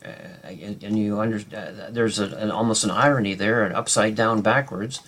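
Guy teaching bible study, kinda low voice, lots of uh and um and restarts. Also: a bit bright. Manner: unscripted, halting with many fillers and restarts.

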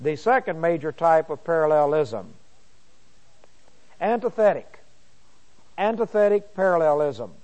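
A middle-aged man teaching a Bible lesson to a class. He reads the verses slowly and deliberately and clears his throat often. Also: fairly high pitch, expressive, a little mellow.

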